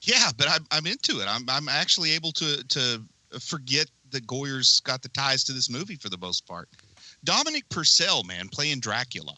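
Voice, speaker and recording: A young man rambles eagerly through a casual movie podcast, piling on fillers as he goes. His voice is very bright and sits in the middle register. The sound is close and dry, taken at home. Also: medium pitch, sing-song, normal speed, no echo, poor audio. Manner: rambling, enthusiastic, lots of fillers. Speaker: podcast co-host. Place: home basement.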